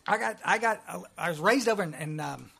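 A middle-aged Texan man speaks to a recovery meeting in a folksy, joking, emphatic way. His voice sits high for a man. He talks plainly and directly to the room. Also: animated, brisk, creaky, bright, forceful tone. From Texas. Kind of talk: testimony talk.

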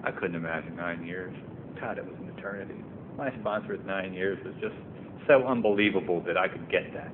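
A man's voice: sits low, a little fast. A man sharing his personal recovery story at a meeting, earnest and building to emphatic passages. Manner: earnest, rising to emphatic and impassioned. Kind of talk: personal testimony talk. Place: meeting room. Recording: tinny phone-like recording, faint noise.

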